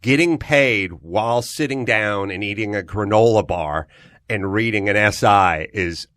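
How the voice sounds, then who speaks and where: A middle-aged comedian from North Hollywood telling wry stories as a podcast guest. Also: male voice, on the low side, unhurried, no echo, clean studio sound. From North Hollywood, California. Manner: wry, blunt, lively storyteller. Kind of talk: casual storytelling chat.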